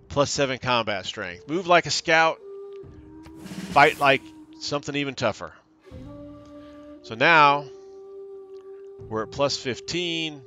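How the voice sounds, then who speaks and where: A man hosting a gaming channel casually narrates a strategy game session, reasoning aloud and reading the available options from the screen. His voice is mid-range, bright and forceful.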